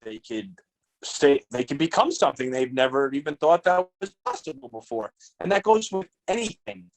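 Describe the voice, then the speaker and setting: A man's voice: on the high side, big pitch swings, normal speed, vocal fry. A man co-hosting a podcast in casual chat, ranting bluntly and swearing a lot. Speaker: podcast co-host.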